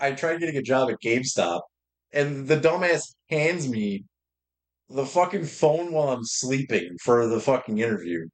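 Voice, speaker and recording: A young man streaming a game, chatting casually and telling rambling stories with lots of swearing. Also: mid-range voice. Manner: profane, rambling storytelling. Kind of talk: casual livestream chat while gaming.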